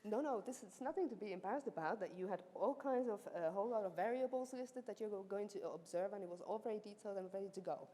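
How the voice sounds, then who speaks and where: A woman's voice: medium pitch, fast, hardly any pauses, mellow. A woman supervisor giving a ceremonial laudatio, chatty and teasing inside a formal speech, with many fillers. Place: university ceremony hall. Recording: echoey hall, faint background noise.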